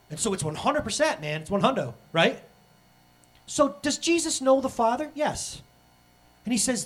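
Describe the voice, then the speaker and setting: A man in his thirties preaching a sermon as pastor, animated and acting out the voices he quotes. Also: extremely high pitch, brisk.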